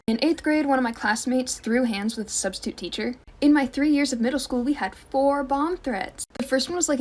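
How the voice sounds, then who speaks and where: A young woman telling school stories in a wry, casual storytime way. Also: fairly high pitch.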